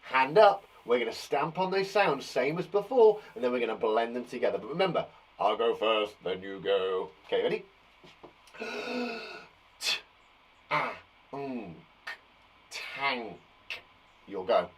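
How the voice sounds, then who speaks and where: A man teaching young children a live phonics lesson, encouraging them warmly and sounding out letters slowly. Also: medium pitch, lively intonation, husky, rough recording. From England. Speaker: primary school teacher.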